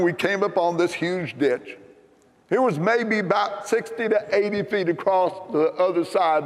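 Older man preaching with lively, high voice. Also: in a large hall. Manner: animated storytelling, rising to emphatic punchlines. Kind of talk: sermon. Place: church sanctuary.

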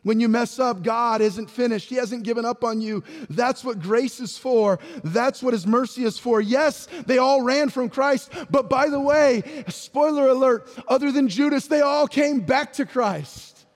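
A male pastor preaching a sermon to his congregation, reading scripture aloud and asking the room rhetorical questions, swinging between raised declarations and hushed asides. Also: extremely high pitch, unhurried, hardly any pauses. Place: church sanctuary. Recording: long reverb of a large hall.

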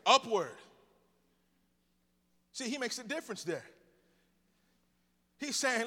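Male preacher, high voice, playful call-and-response, recorded with long church reverb. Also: moderate pace, pauses often, pushed and bright. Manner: playful storytelling. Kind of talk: sermon with jokes.

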